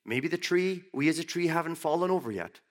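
A man giving a sermon who reads Bible verses aloud and then explains them in plain, everyday words, rising sharply in pitch to stress key points. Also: expressive, fairly quick. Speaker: preacher. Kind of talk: sermon reading and explaining scripture.

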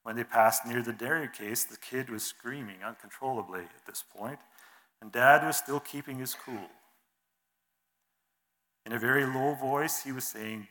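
A man giving a sermon in an earnest, measured way, reading scripture and telling an illustration, his phrases trailing off softly. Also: mid-range voice. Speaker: preacher.

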